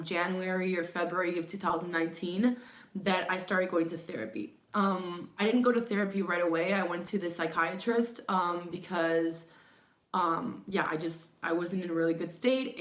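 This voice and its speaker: Young woman vlogging, kinda low voice, halting confessional storytelling, lots of um and like, roomy echo. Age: young adult. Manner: hesitant, repetitive, many fillers and restarts. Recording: echoey room.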